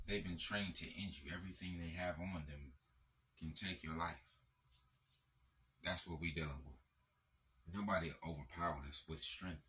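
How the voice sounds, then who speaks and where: Deep, forceful man lecturing. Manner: emphatic, profane, repetitive. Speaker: channel host. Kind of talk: lecturing monologue.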